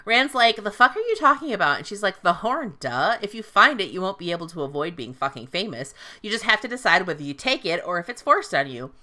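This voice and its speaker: Lively, bright-voiced woman recapping a book. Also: fairly low pitch, brisk, few pauses. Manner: swearing, playful, paraphrases characters in quotes. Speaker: podcast host recapping a book. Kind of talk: casual recap storytelling.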